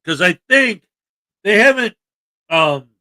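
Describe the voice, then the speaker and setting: A man hosting a casual livestream chat, joking and animated with sudden loud bursts. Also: high voice, takes it slowly. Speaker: livestream host.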